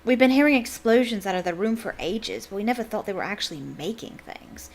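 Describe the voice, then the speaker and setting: A woman's voice: mid-range voice, expressive, fairly quick, slight background noise, natural voice. A woman voicing an earnest young teenage girl with a light, chatty manner.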